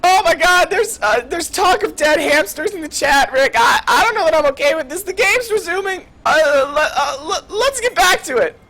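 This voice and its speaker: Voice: very high voice, animated, moderate pace, few pauses, pushed and bright, voice pushed up, exaggerated voice. A student caster doing an impression of an anxious, stammering teenage boy who whines on the verge of tears. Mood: fretful. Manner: stammering, whiny, near tears.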